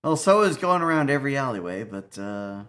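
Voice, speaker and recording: A man playing a tabletop game, explaining his group's plan in a halting, matter-of-fact way. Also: medium pitch, very animated, fairly bright tone. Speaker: player.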